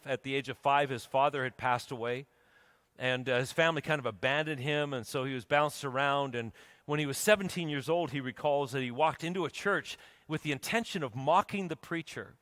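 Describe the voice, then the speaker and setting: A man's voice: medium pitch, fairly quick, a bit bright. Man preaching a sermon in an echoing church. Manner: storytelling, builds to urgent emphatic peaks. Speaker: pastor. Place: church sanctuary. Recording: church hall reverb.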